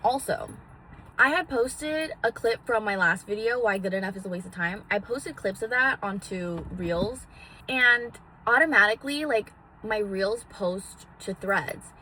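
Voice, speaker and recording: A woman's voice: medium pitch, unhurried, pushed and bright, a little hiss or hum. A woman vlogging casually from a parked car into a phone, theatrical and swearing freely as she gives self-help advice. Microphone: phone on a magnetic mount.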